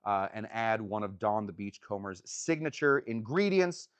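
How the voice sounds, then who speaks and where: A man's voice: on the low side, lively intonation, normal speed, smooth, no room sound, lo-fi sound. Chatty man hosting a cocktail show. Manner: rambling, chatty, answers viewer comments. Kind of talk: casual livestream chat. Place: outdoors.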